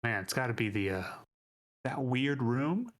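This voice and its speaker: A man co-hosts a comedy podcast in a goofy, put-on Texas cowboy drawl. His voice sits fairly high and swings about a lot. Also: expressive, a little slow. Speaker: podcast co-host.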